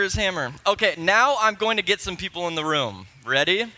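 A man pastor preaching a sermon in a church, playful and excitable, with nerdy enthusiasm. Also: high-pitched, brisk, hardly any pauses. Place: church sanctuary.

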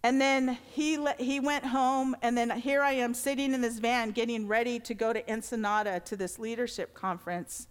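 High-voiced woman preaching in a reverberant hall. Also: steady tone, normal speed, hardly any pauses, clean tone. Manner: earnest, conversational preaching with emphatic swells. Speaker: pastor. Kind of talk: sermon. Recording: long reverb of a large hall.

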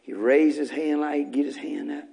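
A man's voice: on the high side, fairly even intonation, moderate pace, creaky, dark tone. A male pastor, preaching a folksy, fervent sermon full of repetition in a church. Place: church sanctuary.

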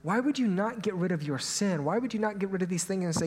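A young man preaching a sermon as a pastor, telling a personal story in a lively, animated way and sometimes dropping to a hushed aside. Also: sits high, fast, hardly any pauses. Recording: hall reverb, faint ambience.

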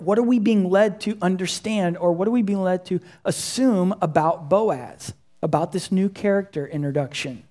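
A woman leads a Bible study in an earnest, emphatic manner, returning again and again to her key words. Her voice sits fairly low and has a warm, mellow tone. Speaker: Bible teacher.

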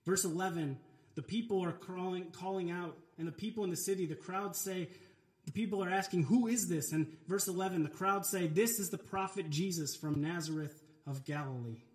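A man delivers a sermon with earnest, emphatic conviction. His voice sits high for a man, and it carries around a reverberant church sanctuary. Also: normal speed. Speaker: pastor. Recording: echoey church room.

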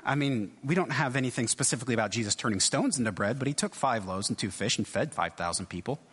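A man delivers a sermon with a lively, rising and falling pitch, talking it through casually and restarting phrases as he thinks. His voice is a bit husky. It rings out with the long reverb of a large church. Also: fast talker. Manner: conversational, thinking aloud with frequent restarts. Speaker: pastor.

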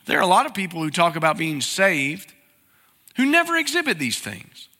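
A man's voice: high-pitched, huge pitch swings, normal speed, bright, forceful tone, long reverb tail. A man, preaching a sermon as pastor and talking to the congregation with plain questions. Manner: conversational, asks the congregation questions.

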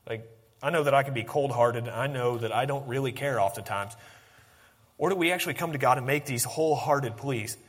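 A man preaching a sermon, swinging from animated emphasis to hushed, intense lines. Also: on the high side, big-room sound. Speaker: pastor.

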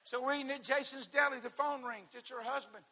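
A man preaching a sermon, moving between shouted, fervent exhortation and laid-back, joking storytelling. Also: very high-pitched, fairly even intonation, a little fast.

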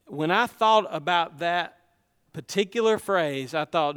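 Middle-aged man, unhurried sermon, high smooth voice. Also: fairly bright tone, big-room sound. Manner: conversational preaching, rhetorical questions to the congregation. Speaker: pastor.

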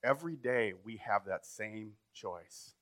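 A pastor preaching a sermon in a conversational way, building up to emphatic points. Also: male voice, fairly low pitch, expressive, measured pace, fairly bright tone.

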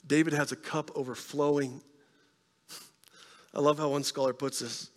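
A man preaching a sermon in a conversational way, often checking in with the congregation with quick questions. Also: on the high side, level tone, in a large hall. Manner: conversational preaching, frequent "right?" tag questions. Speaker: pastor.

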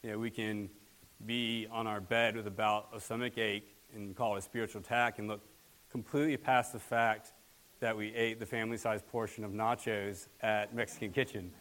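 A young man preaching in a loose, conversational way, tossing in fillers and joking asides. His voice sits fairly low, and he comes across as relaxed rather than formal. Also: normal speed. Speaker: guest preacher. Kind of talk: sermon.

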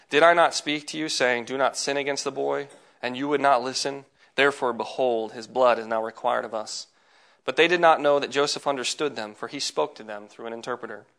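A man reading scripture aloud in a measured, plain way, now and then adding a brief aside. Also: mid-range voice, a bit bright. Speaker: scripture reader.

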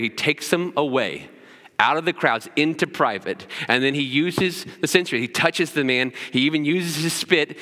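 A man's voice: medium pitch, pushed and bright, in a large hall. A man preaching a sermon as pastor, often checking in with "right?" as he teaches. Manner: preaching with frequent "right?" asides.

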